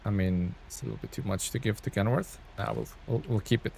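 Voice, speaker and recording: A man's voice: on the low side, fast talker, creaky, a little mellow, slight background noise. A young man giving casual, rambling commentary while he streams a game and thanks viewers in chat.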